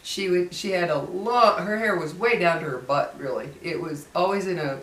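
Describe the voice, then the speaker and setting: A woman's voice: on the low side, moderate pace, a bit bright. Middle-aged woman rambling thru a spooky story, lots of um and you know, kinda far from the mic, echoey room. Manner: chatty, rambling, many fillers and restarts. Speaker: vlogger telling a personal ghost story. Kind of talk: casual storytelling. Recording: roomy sound from away from the mic.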